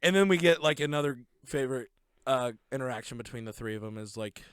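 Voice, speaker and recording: Excited young man gushing over a film. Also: medium pitch, fast talker, clean tone, no room sound, clean studio sound. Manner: excited, retells scenes with laughs. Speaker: podcast co-host. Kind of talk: casual movie review chat.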